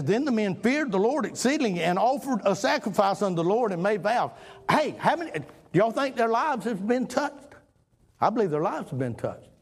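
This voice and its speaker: A man preaching a folksy sermon, swinging from loud emphatic lines to low murmurs. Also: breathy edge.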